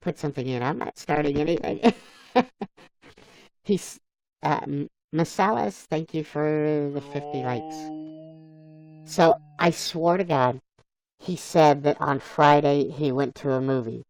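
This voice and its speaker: A man's voice: fairly high pitch, a little slow, vocal fry, dry recording, poor audio. A man on a live stream, chatting casually, laughing often and reading viewers' comments aloud. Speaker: livestreamer.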